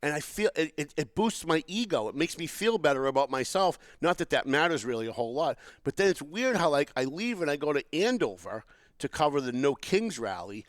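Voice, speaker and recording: A man's voice: fairly high pitch, fairly quick, no room sound. A middle-aged man hosting a podcast, telling stories in casual political chat and acting out what people said to him. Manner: animated storytelling, acts out quotes. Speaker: podcast host.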